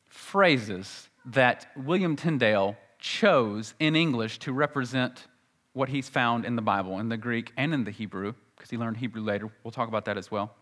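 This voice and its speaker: A man preaching a sermon as pastor, teaching earnestly and slowing down to recite scripture. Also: medium pitch, fairly bright tone.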